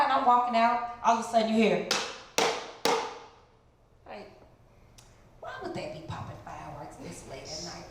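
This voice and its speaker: A middle-aged woman from the Chicago area giving an animated testimony as a guest speaker in a church, jumping into high voices to act out what people said. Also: a little fast, long pauses. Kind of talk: testimony sermon. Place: large church hall. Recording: very echoey church hall, some noise.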